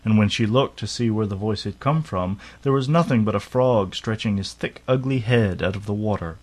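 A man's voice: on the low side, moderate pace, a little mellow. Man reading a fairy tale aloud. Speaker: narrator.

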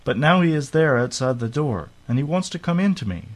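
A man's voice: mid-range voice, animated, a little fast, voice pushed up, natural voice. A man voicing a spoiled, fretful young princess in a storybook reading.

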